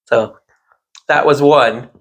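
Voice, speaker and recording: A man unspools a meandering everyday story in relaxed conversation, poking fun at himself along the way. His voice carries a gravelly rasp at a medium pitch. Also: slow pace. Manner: rambling, animated anecdote with self-deprecating asides. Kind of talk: casual storytelling chat.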